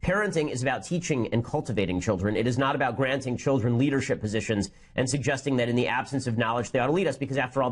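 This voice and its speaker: A man's voice: medium pitch, quick pace. A man hosting a political commentary show, speaking in a combative, sarcastic way with mocking asides.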